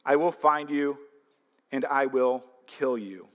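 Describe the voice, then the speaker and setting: A man reciting the lines of a grim middle-aged father who coldly threatens his daughter's kidnapper, in a lowered, slow and measured voice. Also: big-room sound, natural voice. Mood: cold menace.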